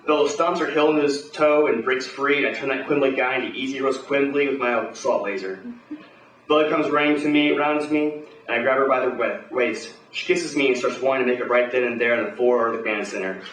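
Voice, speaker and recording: A man tells a pulp action tale aloud in a gruff, swaggering way, cursing freely and talking like a hardboiled hero. His voice sits at a middle pitch. The sound is roomy and distant from the mic, with a faint noise behind it. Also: fairly even intonation, quick pace, a bit bright. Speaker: storyteller.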